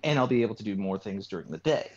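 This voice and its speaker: A man's voice: fairly low pitch, lively intonation, rapid-fire, darkish tone. A man chatting casually as a guest voice actor, plain-spoken and matter-of-fact. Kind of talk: casual chat. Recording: muffled lo-fi mic.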